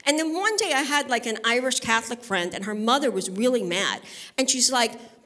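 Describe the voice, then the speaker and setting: This woman is a Brooklyn, New York comic doing a brash, chatty stand-up set at a live benefit, mixing bawdy tales with crowd work. She speaks at a moderate pace in a fairly high, lively voice that sounds pushed and bright.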